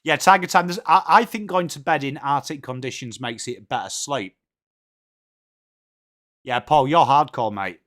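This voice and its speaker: A man's voice: mid-range voice, normal speed, pauses often, fairly bright tone. An English man hosting a casual live watchalong from home, chatting and greeting viewers by name. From England. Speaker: livestream host.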